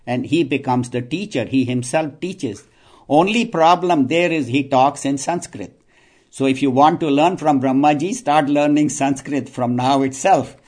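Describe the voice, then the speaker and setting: A spiritual teacher with a medium-pitched, slightly mellow voice speaks at an unhurried pace. He gives a scripture talk laced with jokes, telling stories, chuckling, and restarting his sentences often.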